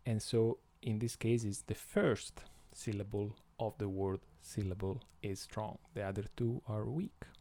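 Slow, gravelly Italian-accented man. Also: lowish voice, steady tone, dark tone. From Italy. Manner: slow and hesitant, many fillers. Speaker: podcast host. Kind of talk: educational podcast talk.

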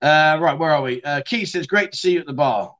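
The audio is dull, but this livestream host's voice comes through on the high side, brisk and a bit bright. He reads comments from viewers and answers back casually, often calling people "mate" and swearing occasionally.

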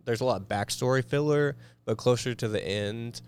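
A man co-hosting a casual podcast chat, explaining things in a relaxed way with fillers. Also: mid-range voice, normal speed, clear, resonant tone. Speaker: podcast co-host.

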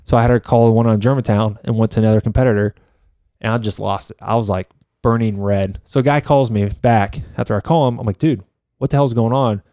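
Fast-talking, fired-up man. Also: on the low side, fairly even intonation, dark tone, smooth, no room sound, studio quality. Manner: fast, heated storytelling with frequent swearing. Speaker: real estate agent. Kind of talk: casual podcast chat.

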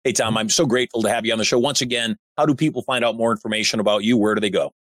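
A man's voice: on the low side, fairly even intonation, rapid-fire, fairly bright tone, no room sound. A man hosting a podcast interview in a casual, blunt, opinionated way. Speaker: podcast host.

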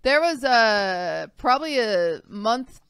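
A woman's voice: on the high side, big pitch swings, slow, fairly bright tone, clean tone, no echo. A young woman co-hosting a podcast, telling a personal story in a rambling, casual way with lots of fillers. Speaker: podcast co-host. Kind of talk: casual chat.

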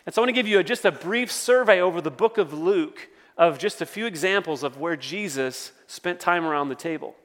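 A man's voice: high voice, fairly quick, hardly any pauses, a bit bright, in a large hall. A man preaching a sermon as pastor, conversational, with storytelling asides.

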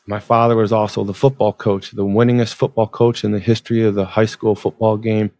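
Animated man telling a story, dry sound. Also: fairly quick, no echo. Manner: animated storyteller, voice rising high in dramatic retelling. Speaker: guest. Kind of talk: storytelling interview.

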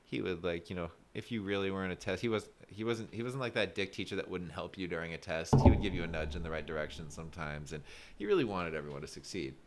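A young man in casual chat, telling rambling, animated school stories full of "like" fillers and frequent laughs. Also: sits low, fast talker, background noise.

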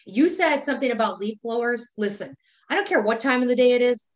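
A woman's voice: on the high side, lively intonation, quick pace. A woman co-hosting a casual chat podcast, ranting bluntly and with exasperation about pet peeves. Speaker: podcast co-host.

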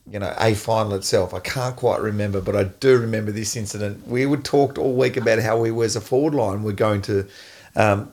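An Australian man and former footballer, hosting a casual chat and telling an animated story with frequent laughs. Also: lowish voice. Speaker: podcast host, former footballer.

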